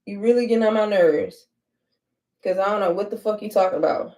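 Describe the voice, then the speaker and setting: A young adult woman tells an animated, profane storytime while she gets ready. Her voice sits on the higher side, and she is blunt and unfiltered. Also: fairly quick. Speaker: vlogger. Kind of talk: casual storytime while doing hair.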